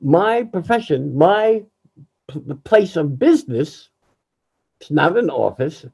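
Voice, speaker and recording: Older man, lively voice, emotional and reflective. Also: a little high, creaky, slightly rough, muffled recording. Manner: emotional, reflective, halting with restarts. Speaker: jazz pianist. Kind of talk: candid personal talk. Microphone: video call.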